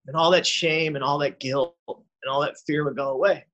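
A man's voice: a little high, steady tone, normal speed, a bit bright, muffled recording. A man sharing his own recovery story in a conversational way, often adding "man" and "you know". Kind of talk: recovery talk testimony.

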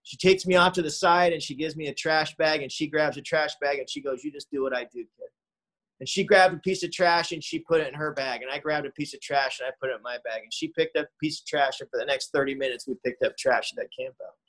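A man's voice: a little high, fairly even intonation, fast, hardly any pauses, a bit bright, poor audio. A man sharing his own recovery story in a conversational way, often adding "man" and "you know". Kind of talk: recovery talk testimony.

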